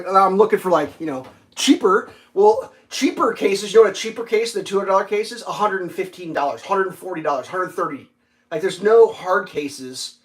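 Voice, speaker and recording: A man with a high-pitched voice chats loosely on a livestream, rambling through a story. He swears freely and leans on fillers and restarts as he talks. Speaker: livestream host. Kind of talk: casual livestream chat.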